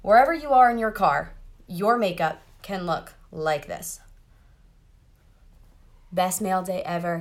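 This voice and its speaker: A woman's voice: lowish voice, unhurried, pauses often. A woman, chatting bubbly and direct to viewers during a casual live makeup tutorial, sitting in a car. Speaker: makeup seller doing a live demo. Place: parked car.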